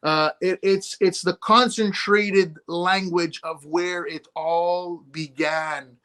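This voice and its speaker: High-voiced man, halting podcast guest. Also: fairly even intonation, sharp tone. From Canada. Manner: halting, repeats words while searching for phrases. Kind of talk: casual podcast chat.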